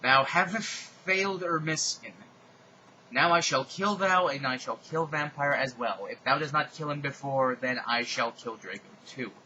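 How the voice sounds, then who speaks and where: A man voicing an evil male dark lord who speaks slow, stilted archaic threats. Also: mid-range voice, muffled recording, slight background noise. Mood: menacing.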